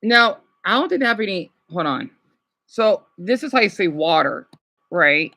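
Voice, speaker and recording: A man's voice: high voice, animated, normal speed, gravelly, bright, forceful tone. A man chatting casually with his live chat, rambling and hesitant with many restarts. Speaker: livestreamer answering chat.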